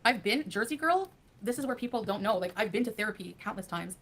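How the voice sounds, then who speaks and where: A woman's voice: mid-range voice, lively intonation, quick pace, a bit bright. A woman rambling defensively while chatting on a livestream.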